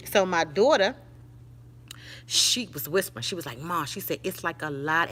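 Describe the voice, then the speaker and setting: An older woman telling a story to her live-stream viewers in a casual, animated way. She calls them y'all and honey and speaks. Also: lowish voice.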